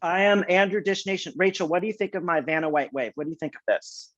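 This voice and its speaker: A man hosting an entertainment interview, playful and excitable, teasing his guests. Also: high voice, fast talker. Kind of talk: casual interview chat. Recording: muffled lo-fi sound.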